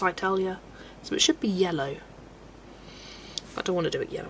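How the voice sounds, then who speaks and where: A woman's voice: on the low side, normal speed, long pauses, a little hiss or hum, low-quality recording. Chatty West Country woman, thinking aloud. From England. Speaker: colouring streamer. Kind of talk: casual live-stream chat while colouring.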